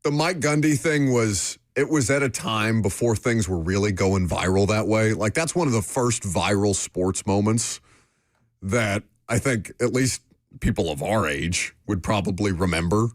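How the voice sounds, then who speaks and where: A man's voice: on the low side, a little slow, no echo, clean studio sound. A man hosting a sports radio show, joking and rambling loosely. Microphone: studio microphone.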